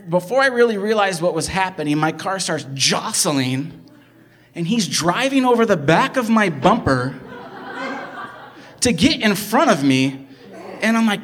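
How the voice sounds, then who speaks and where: Excitable high-voiced male storyteller. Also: moderate pace. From American Midwest. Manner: animated, excitable, swinging between loud bursts and hushed asides, many "like"s. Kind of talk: personal story told live.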